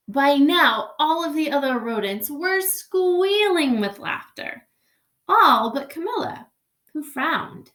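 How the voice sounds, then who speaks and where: A woman's voice: high voice, lively intonation, slow pace, a bit bright, echoey room. A woman teacher reading a picture book aloud to her class, speaking expressively and asking the children questions.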